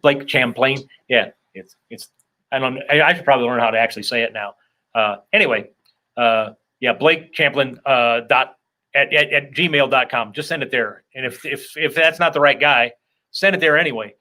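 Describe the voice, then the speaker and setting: A man's voice: medium pitch, normal speed, pushed and bright. A man hosting a casual comedy interview, rambling with self-deprecating jokes and asides. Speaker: podcast host.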